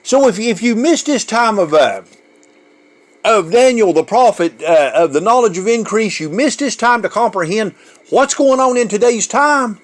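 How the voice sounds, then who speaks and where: A middle-aged man preaching with fervent, emotional urgency, often repeating himself and restarting mid-thought. His voice sits high and swoops widely, rising and falling as he presses his point. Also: animated, moderate pace. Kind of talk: preaching a sermon.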